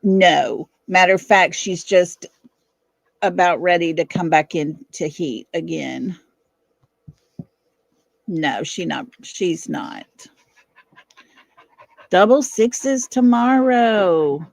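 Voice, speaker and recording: A woman's voice: on the low side, slow, creaky, pauses often, no room sound. A middle-aged woman hosting a casual livestream from her home, chatting with viewers, laughing often and fussing over her dog. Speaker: livestream host. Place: at home, indoors.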